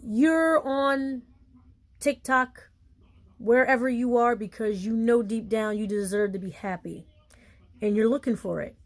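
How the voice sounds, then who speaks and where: A woman who runs a small business talks casually to her followers, animated and emphatic, laughing often and using playful slang. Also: fairly high pitch, unhurried.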